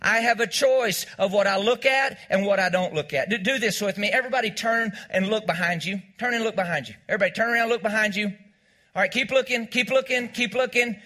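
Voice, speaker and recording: A man's voice: sits high, a little fast, bright, forceful tone. A male pastor preaching a sermon, repeating key lines and calling on the congregation to say them back. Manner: call-and-response preaching, repeats lines, has congregation echo. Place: church.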